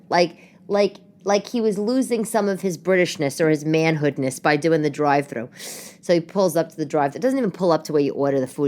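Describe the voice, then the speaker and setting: With a voice a touch low for a woman, this New York podcast host spins a loose, rambling storytelling monologue at home. She's chatty, drifts into side remarks, and interrupts herself, speaking as casually as she would to a friend in her living room.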